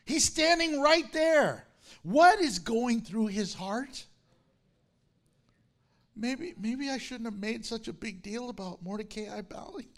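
Animated, high-voiced male preacher. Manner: animated, laughing, acting out the characters. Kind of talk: sermon.

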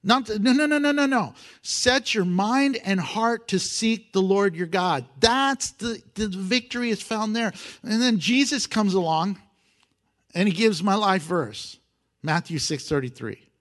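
A man preaching a sermon, animated, swinging from loud emphasis to hushed, intimate asides and acting out prayers with humor. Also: high voice, unhurried. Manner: acts out prayers and voices with humor. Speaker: pastor.

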